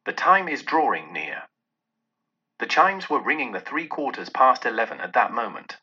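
A man's voice: mid-range voice, moderate pace, breathy edge. A man giving a dramatic, theatrical storybook narration on a dull lo-fi recording. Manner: theatrical, expressive.

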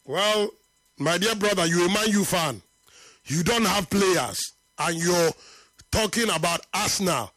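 A man argues football on a live talk show in a high, pressing voice. He hammers his points through repetition, sometimes sinking low and slow for weight. The sound is close and dry. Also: lively intonation, a bit bright, dry recording. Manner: emphatic, repeats points for effect, drops to low slow tones. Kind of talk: live football debate and reading viewer comments.

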